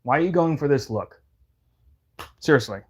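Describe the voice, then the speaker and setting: A man's voice: fairly high pitch, animated, normal speed, a little mellow, breathy edge. A man giving casual reaction commentary, rambling and heated, stumbling over restarts. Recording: dull lo-fi audio.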